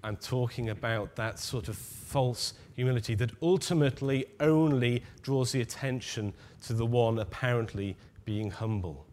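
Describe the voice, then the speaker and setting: Measured male preacher. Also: mid-range voice, a little mellow. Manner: measured, emphatic, drops to near-whisper on key words. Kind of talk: sermon.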